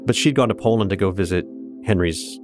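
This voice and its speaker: Over background music, this deep-voiced, middle-aged guest from Kansas talks briskly. He shares his family's story in an earnest, candid way, with restarts and laughter, in a reflective storytelling mode.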